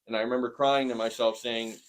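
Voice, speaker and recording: A man in his forties tells a hard personal story in plain, earnest words. His voice sits at an ordinary middle pitch, and he often pauses with a soft "um" before going on. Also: level tone. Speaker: interviewee sharing a testimony. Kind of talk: personal testimony in conversation.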